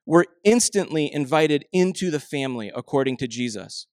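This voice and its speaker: A young man preaches in an easy, conversational way, leaning into family anecdotes and then slowing down softly to land each point. His voice sits a little high for a man. The sound is dry and close, with no room around it. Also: dry recording. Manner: conversational storytelling, animated impressions of family; slows and softens for emphasis. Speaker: pastor. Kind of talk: sermon.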